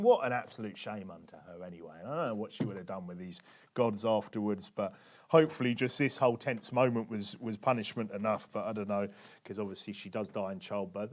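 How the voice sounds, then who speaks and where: A British man preaching a conversational sermon, often tossing tag questions at his congregation. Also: lowish voice. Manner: chatty, keeps asking tag questions of the congregation.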